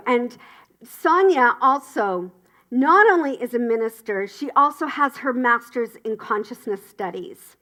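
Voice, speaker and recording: Woman announcer for a spiritual community gathering: high, bright voice, unhurried delivery, warm cheering enthusiasm. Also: expressive. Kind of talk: upbeat church announcements.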